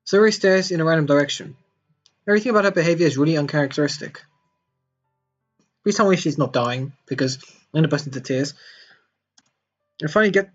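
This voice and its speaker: A man's voice: fairly high pitch, breathy edge, muffled recording. A man hosting a let's play, reading a visual novel aloud with jokey, emotional asides.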